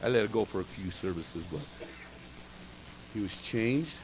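A man's voice: fairly low pitch, animated, normal speed, background noise. A middle-aged man preaching a sermon in a church, spinning humorous, rambling anecdotes between points. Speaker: pastor. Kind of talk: storytelling sermon. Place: church sanctuary.

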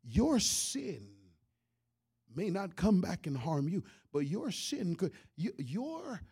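A man preaching a sermon, retelling a story with lively shouts, character voices and soft asides. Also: high-pitched, slow pace, vocal fry, breathy edge. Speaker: pastor.

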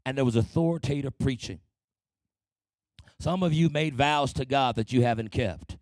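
A man's voice: medium pitch, normal speed, darkish tone, no room sound. A man preaching a sermon with passion, often acting out prayers and quoted voices. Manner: impassioned, acts out prayers and quotes in shifting voices.

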